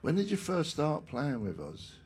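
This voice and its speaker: A man interviewing a guest in a casual chat, asking halting questions full of restarts. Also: fairly high pitch, huge pitch swings, darkish tone, breathy edge.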